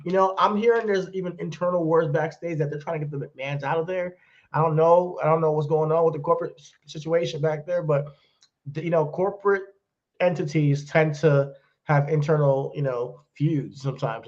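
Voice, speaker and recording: A man's voice: a little high, fairly even intonation, normal speed, darkish tone, highs cut off. A man co-hosting a podcast in casual chat, ranting bluntly and swearing freely. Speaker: podcast co-host.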